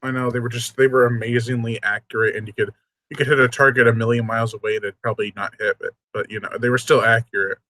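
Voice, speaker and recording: An easygoing man co-hosts a movie-watch chat, joking and laughing often. His voice is bright and at a middling pitch. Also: steady tone, quick pace. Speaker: co-host. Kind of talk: casual movie-watch commentary.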